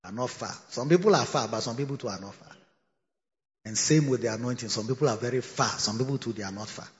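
A man with a Ghanaian accent preaching a sermon, animated, laughing and rising to shouts. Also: mid-range voice, fast. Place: large church hall. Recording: echoey hall, dull lo-fi sound.

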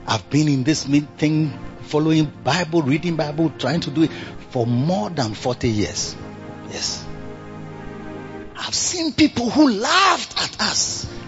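A man, preaching a sermon with sing-song calls and exclamations. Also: fairly high pitch. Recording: dull lo-fi recording with faint music.

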